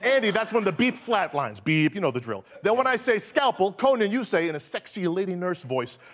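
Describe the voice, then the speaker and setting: A man, a cameraman on a talk show, doing a comedy bit in a deadpan yet eager way while giving bossy instructions. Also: sits high, brisk. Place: TV studio stage. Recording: live studio audience behind.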